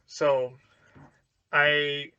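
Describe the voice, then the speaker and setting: A man's voice: on the high side, level tone, extremely slow, sharp tone, smooth, no echo, lo-fi sound. A man giving a casual book review to camera, hesitant and full of fillers and restarts.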